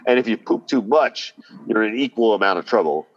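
A man's voice: fairly low pitch, lively intonation, a little fast, dull audio. A man talking as a podcast guest in a laid-back, rambling way, full of fillers. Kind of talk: casual podcast chat.

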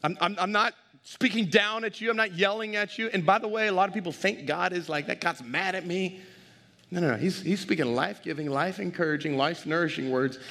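Higher-voiced preacher in a reverberant hall. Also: male voice, fast, creaky, hardly any pauses. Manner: animated, direct, engages the crowd. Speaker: pastor. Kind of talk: sermon.

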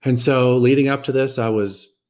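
A man hosting a podcast, telling a personal story in a reflective, halting way and often repeating words. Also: mid-range voice, fairly even intonation, a little mellow.

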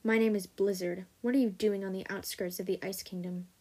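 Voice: mid-range voice, fairly even intonation, brisk, a little mellow, breathy edge, natural voice. A reader giving a plain voice to a sneering ice dragon guard. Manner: blunt and sneering. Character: cold, hostile male ice dragon guard.

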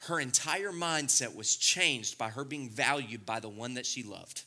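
Bright, animated male pastor preaching. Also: medium pitch, unhurried. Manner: animated preaching, swinging between loud and hushed. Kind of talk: sermon.

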